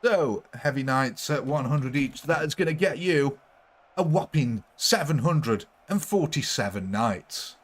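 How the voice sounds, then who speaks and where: A man's voice: medium pitch, expressive, a little slow. Jokey male game streamer. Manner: jokey, chatty, giggly. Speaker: gaming livestreamer. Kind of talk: live game commentary with chat.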